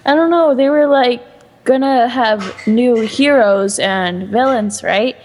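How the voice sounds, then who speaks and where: A woman's voice: on the high side, slow, darkish tone, in a large hall, a little hiss or hum. A teenage girl chatting casually as a podcast co-host, laid-back and wry, laughing often. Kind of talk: casual fan chat.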